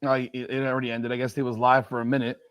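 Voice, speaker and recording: Smooth and medium-pitched, this man talks fast, though the audio is dull, with no room sound. Hosting a live football watch party on his sports stream, he rants about rankings and yells at plays in excitable, repetitive fan talk.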